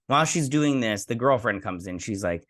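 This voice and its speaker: A man's voice: medium pitch, expressive, normal speed, a bit bright. A man hosting a TV review, casually recapping an episode in a rambling way with lots of fillers and quoted lines. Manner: rambling retelling full of fillers and "he's like" quotes. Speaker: host and TV reviewer.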